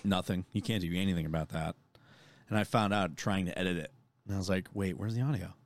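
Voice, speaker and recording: A young man with a fairly low voice co-hosting a casual chat show. He tells stories loosely and swears often, in a relaxed, easygoing way. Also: fast talker. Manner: profane, storytelling, laid-back. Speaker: podcast co-host.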